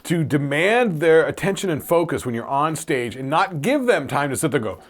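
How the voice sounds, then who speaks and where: Male co-host, casual rambler who swears freely, slightly high and very expressive pitch. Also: normal speed. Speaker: podcast co-host. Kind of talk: casual chat.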